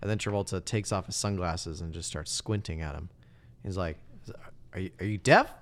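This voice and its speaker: A man's voice: normal speed, slight background noise. A man in casual podcast chat, retelling a movie scene by scene and acting out the characters' lines in exaggerated voices. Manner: animated, acts out characters with big pitch jumps.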